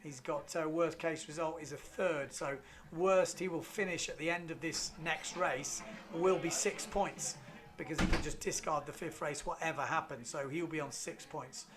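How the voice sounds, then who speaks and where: A man commentating live on a windsurf race, reading out results in a relaxed, chatty way with fillers. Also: fairly high pitch, moderate pace.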